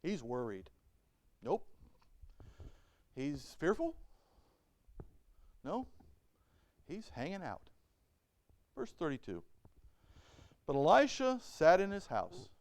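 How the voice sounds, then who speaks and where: Male pastor, high and animated voice, smooth and dry, sermon with rhetorical questions. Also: slow pace, long pauses, no room sound. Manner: asks the congregation rhetorical questions; reads Bible verses aloud and explains them. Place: church.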